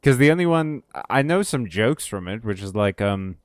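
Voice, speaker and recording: A man's voice: on the low side, animated, normal speed, few pauses, no room sound, studio quality. A man streaming a game, chatting casually with viewers, joking and swearing as he plays. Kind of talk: casual gameplay commentary.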